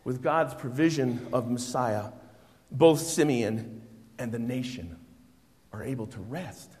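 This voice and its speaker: A middle-aged man preaching a sermon, swinging between hushed, reflective passages and loud, exclamatory bursts. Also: mid-range voice, takes it slowly. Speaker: pastor. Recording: long hall reverb.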